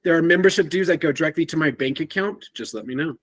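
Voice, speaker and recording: A man's voice: fairly high pitch, fast, fairly bright tone. A man as guest host of a podcast, interviewing a friend in a playful, enthusiastic, joking manner.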